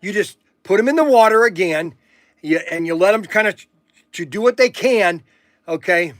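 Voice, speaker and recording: A middle-aged man with a high-pitched voice rambles through a casual livestream chat. He tells folksy stories with plenty of fillers and false starts. The sound is dry and close. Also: expressive, normal speed, dry recording. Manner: folksy storytelling with many fillers and restarts. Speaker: livestream host. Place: warehouse.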